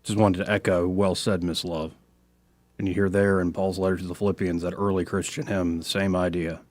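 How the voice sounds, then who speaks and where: A man with a Southern accent hosting a talk radio show, speaking in a relaxed, conversational way and reading scripture slowly. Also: deep voice, no echo.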